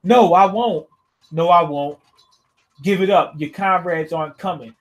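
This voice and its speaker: A man voicing a ruthless young female fighter in a flat, taunting way. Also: high-pitched, measured pace.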